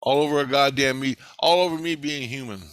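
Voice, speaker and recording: A man's voice: mid-range voice, a little fast, a bit bright, clean tone, dry recording. A man recounting a dream in an agitated, profane rush, acting out both sides of the argument. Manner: agitated, profane, retelling dialogue in bursts. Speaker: vlogger. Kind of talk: casual recounting of a dream to camera.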